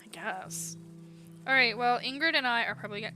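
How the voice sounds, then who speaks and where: A woman's voice: a little high, brisk, music in the background. Streamer woman reading game dialogue aloud. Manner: casual, reads all parts in her own voice with light commentary. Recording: steady background noise.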